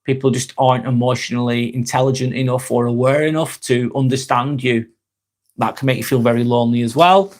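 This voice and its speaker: A man from Northwest England with a Lancashire accent talks to viewers on his live stream, reading out their comments and chuckling along. His voice sits at a middle pitch, with a steady tone and a fairly quick pace, and his manner stays gentle and reflective.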